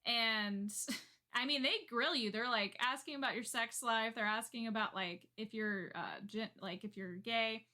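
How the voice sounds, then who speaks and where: A woman co-hosting a podcast, telling stories in casual chat with an animated manner and frequent laughter. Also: a little high, measured pace. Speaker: podcast co-host.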